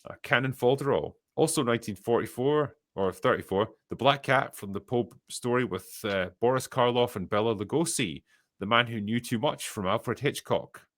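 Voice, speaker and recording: A man's voice: mid-range voice, normal speed, fairly bright tone, no echo. A Scottish man hosting a casual podcast, reading viewer messages aloud and answering with dry, profane, sardonic remarks. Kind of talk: casual chat.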